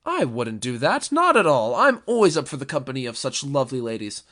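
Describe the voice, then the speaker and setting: A man's voice: mid-range voice, very animated, a little fast, bright, forceful tone. A young man playing a flamboyant, charming young captain who speaks in a theatrical, gloating way in an audio drama. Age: young adult.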